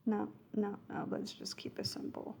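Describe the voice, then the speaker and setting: Whispering at a normal speed in a dark tone, a woman talks through a coding exercise in a screen-recorded walkthrough. As a coding tutor she thinks aloud, fixes her own slips and mutters code while typing.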